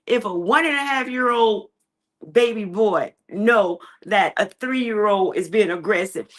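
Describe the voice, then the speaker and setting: Animated woman pastor telling a story. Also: medium pitch, measured pace. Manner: animated storytelling, repeats phrases for emphasis; addresses online congregation directly. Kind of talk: sermon.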